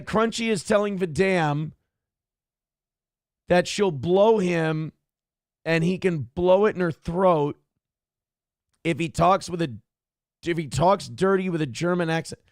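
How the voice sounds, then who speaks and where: A man's voice: high-pitched, slow, long pauses, no room sound, studio quality. A man hosting a live show, reading out viewer donations in a casual, exasperated way, laughing and swearing as he goes. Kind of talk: casual live-stream talk.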